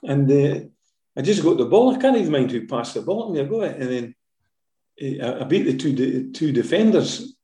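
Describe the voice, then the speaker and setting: A man's voice: medium pitch, big pitch swings, a little fast, dark tone, echoey room. An older man with a Scottish accent, a former footballer telling stories in a casual interview, full of fillers and tag questions.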